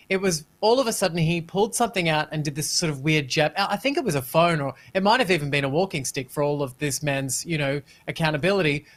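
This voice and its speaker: A man's voice: fairly high pitch, fairly bright tone. A man co-hosting a panel talk show, giving his opinion emphatically and repeating himself for stress. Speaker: co-host.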